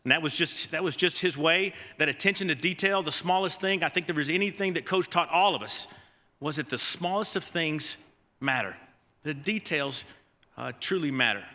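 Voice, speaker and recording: Guy telling folksy coach stories at an awards ceremony, kinda high voice, echoey big hall. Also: animated, normal speed, bright, forceful tone. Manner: folksy, self-deprecating, with frequent fillers and restarts. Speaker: award speaker, former assistant coach. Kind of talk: ceremony speech with storytelling. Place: banquet hall. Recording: long reverb of a large hall.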